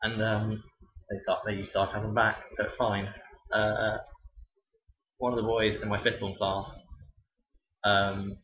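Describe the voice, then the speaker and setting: A man's voice: fairly low pitch, level tone, slow pace, pauses often, fairly bright tone. A young man, a teacher, telling stories casually to camera with a dry, sarcastic delivery. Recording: roomy, dull lo-fi sound.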